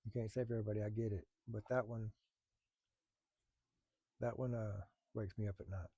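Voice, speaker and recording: Man, low gravelly voice, dry close sound, candid storytelling with halting pauses and blunt swearing. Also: steady tone, warm tone, no room sound, dull audio. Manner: blunt, profane, halting with many fillers. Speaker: firefighter telling a personal story.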